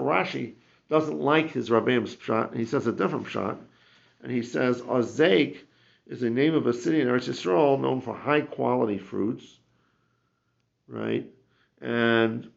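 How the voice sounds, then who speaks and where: A man's voice: mid-range voice, gravelly. A man teaching a Talmud class, explaining with rhetorical questions and frequent restarts. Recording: muffled lo-fi classroom recording.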